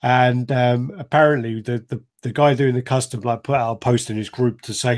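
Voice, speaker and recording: A man hosts a loose live stream chat at a middling pitch, wandering from one story to the next. He swears freely and laughs often, never sounding scripted. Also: fairly even intonation, normal speed, hardly any pauses.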